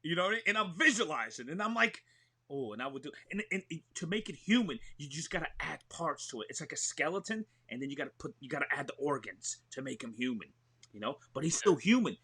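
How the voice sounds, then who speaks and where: A man, an actor talking excitedly in a remote interview, full of "you know what I mean". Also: fairly high pitch, quick pace, husky. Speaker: actor and show host, guest. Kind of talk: animated conversational interview.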